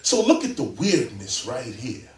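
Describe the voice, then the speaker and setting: A man speaking as a guest before a live audience in a library, lecturing in an animated, emphatic way. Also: medium pitch, measured pace. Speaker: interview guest. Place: public library event room. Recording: roomy, distant mic.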